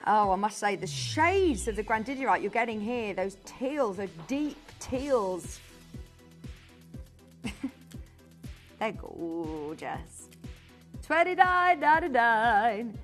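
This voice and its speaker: A woman presenting on a live shopping channel, chatty and bubbly, quickly rattling off prices and buyer names in a studio. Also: mid-range voice. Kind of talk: live TV sales patter.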